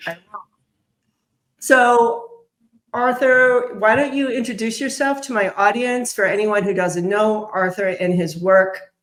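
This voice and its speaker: A woman's voice: mid-range voice, measured pace, fairly bright tone, reverberant. A woman from Massachusetts with a New England accent, hosting a chatty, upbeat interview. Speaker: host. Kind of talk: casual interview chat.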